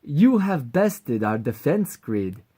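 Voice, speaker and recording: A man voicing a vain, high-strung male military general in a raised, haughty voice, as an amateur voice audition. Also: very animated, slow, slightly rough, heavily acted. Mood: haughty threatening. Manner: haughty, loud and raised in pitch.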